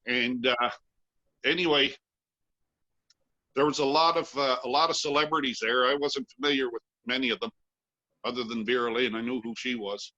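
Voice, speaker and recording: A man's voice: medium pitch, moderate pace, pauses often, pushed and bright. A man from Canada, a guest storyteller, chuckling through a rambling personal anecdote for a live audience. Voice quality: chuckling, self-deprecating, rambling with restarts. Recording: dull lo-fi live recording.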